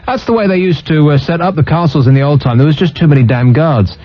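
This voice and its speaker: A man's voice: a little high, fast, no echo. A man hosting a radio phone-in, dry and teasing with callers. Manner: dry, teasing, mock-sorrowful. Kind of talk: late-night talk radio phone-in. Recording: muffled radio broadcast audio.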